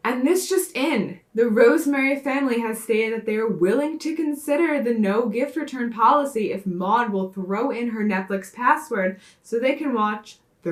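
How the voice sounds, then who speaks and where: A woman playing an earnest TV news anchor in a comedy sketch, in a crisp newsreader delivery. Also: a little high, roomy sound, lightly acted.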